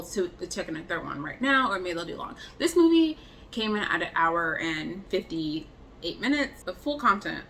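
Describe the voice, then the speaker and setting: A woman's voice: fairly low pitch, a bit bright, slight background noise. A young woman giving a casual review, retelling scenes in a chatty way with lots of "like" fillers. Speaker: book and film reviewer.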